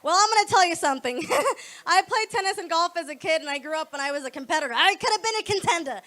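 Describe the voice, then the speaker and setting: A young woman performing a stand-up comedy set on a club stage, loud and laughing between lines as she acts out voices. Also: extremely high pitch, lively intonation, fast.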